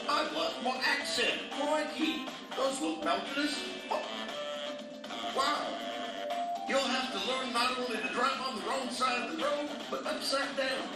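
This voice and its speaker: A man's voice: extremely high pitch, pitched above the performer's own voice. A man putting on a comic Australian newsreader voice with a put-on Australian accent, recorded in a bathroom. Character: comic Australian man reading mock news. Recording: echoey bathroom, far from mic, loud music.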